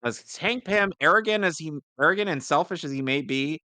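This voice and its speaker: Bright crisp-voiced podcast co-host. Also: male voice, fairly high pitch, animated, a little fast, dry recording. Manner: chatty, explains at length, agrees with lots of yeah. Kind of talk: casual reaction commentary.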